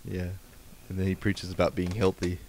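Low-voiced teasing young man. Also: flat delivery, moderate pace, a little mellow, a little hiss or hum, low-quality recording. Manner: teasing and laughing. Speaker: podcast co-host. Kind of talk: casual banter. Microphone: desk mic.

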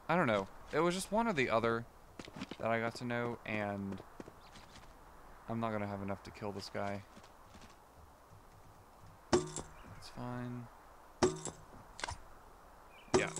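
A man's voice: fairly low pitch, normal speed, long pauses, heavy background noise. A man casually commenting on his gameplay as a let's play host, chatty and rambling, often correcting himself. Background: game music.

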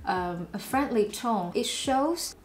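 A woman's voice: mid-range voice, lively intonation, takes it slowly. A Taiwanese-accented woman, a native Mandarin speaker, giving a language lesson and repeating sample phrases with playful, exaggerated intonation. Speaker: language teacher. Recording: roomy echo.

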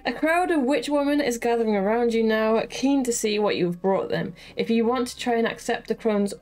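A woman playing through a gamebook in casual chat, excitable and quick to laugh and swear, with faint music behind. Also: fairly high pitch. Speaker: gamebook co-player.

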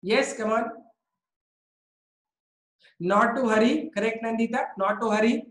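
A woman's voice: fairly high pitch, measured pace, roomy sound, low-quality recording. A woman with an Indian English accent teaching a biology class, coaxing students and praising them by name.

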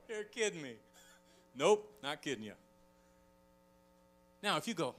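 A middle-aged male pastor preaches with a bright, forceful voice sitting a little high for a man. He tells stories in an animated way, slipping into quoted voices, with faint instrumental music playing underneath. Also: normal speed, pauses often. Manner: animated storytelling, acts out quoted voices, chuckles often. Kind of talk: sermon.

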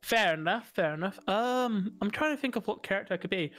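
High-voiced man chatting animatedly. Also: a little fast, soft background music. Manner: animated, swearing, self-mocking. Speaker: podcast co-host. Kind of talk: casual chat. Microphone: studio mic.

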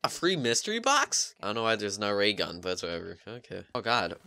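A man narrating his own gameplay with huge swings in pitch, leaping between low mutters and sharp yelps. His tone is bright and cutting, and he keeps up a stream of self-mocking jokes. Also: a little fast, few pauses. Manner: excitable, yelps and shrieks when startled; jokey, self-mocking asides. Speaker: gaming YouTuber. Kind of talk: gameplay commentary.

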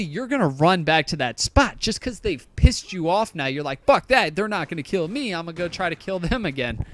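A young man talking casually over his own gameplay, rambling, swearing and running himself down. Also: on the high side. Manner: rambling, swears often, self-deprecating. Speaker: gaming YouTuber.

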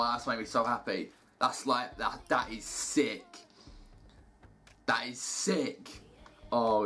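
A young man giving casual commentary over gameplay, muttering to himself and cheering loudly at good results. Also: medium pitch. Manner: excitable, shouts and cheers at good packs. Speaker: gaming YouTuber.

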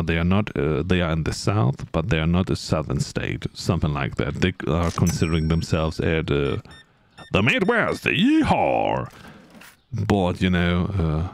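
A man's voice: deep voice, a little mellow. A man streaming a game, chatting casually and playfully with his viewers in a rambling way. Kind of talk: casual live-stream chat.

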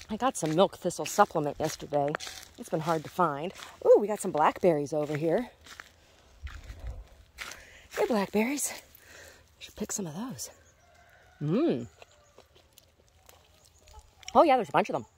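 This woman's voice is low and a bit dark in tone, with slight background noise behind it. She vlogs in a chatty way while strolling her backyard garden, talking under her breath and cooing at her chickens in sing-song baby talk.

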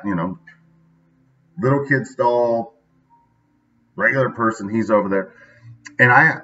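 Male vlogger, conversational, keeps checking in with "right?"; muffled low-fi audio. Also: fairly bright tone. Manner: chatty, says "right?" often. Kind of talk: casual daily video monologue.

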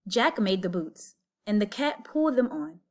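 A woman reading a children's picture book aloud, with an expressive story-telling lilt. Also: medium pitch, moderate pace. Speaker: storybook reader.

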